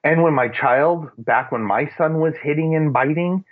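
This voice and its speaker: A man's voice: fairly high pitch, normal speed. A man sharing earnest, rambling faith-based parenting advice in casual chat, with plenty of fillers. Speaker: Christian parenting guest. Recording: phone-like narrow radio sound.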